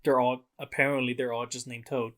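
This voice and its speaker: Halting, rambling male podcast co-host. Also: medium pitch, steady tone, a bit bright. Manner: rambling, halting, heavy on fillers. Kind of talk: casual movie review chat.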